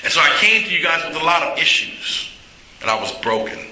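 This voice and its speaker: A man's voice: a little high, sing-song, brisk, pushed and bright, slight background noise. Candid man speaking in an echoey hall. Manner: candid, plainspoken storytelling with humor. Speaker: recovery meeting speaker. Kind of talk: personal recovery talk.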